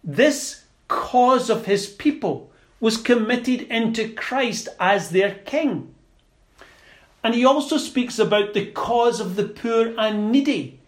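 A man preaching a sermon in a slow, deliberate and emphatic way, with small stumbles and repeated words. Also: very high-pitched, lively intonation.

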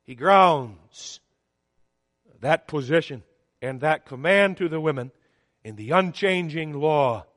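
A man delivers a sermon in a high, lifted voice. His preaching is measured and emphatic, rising and falling on the words that matter. The sound is close and dry, yet a long reverb hangs in the church hall. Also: expressive, fairly bright tone.

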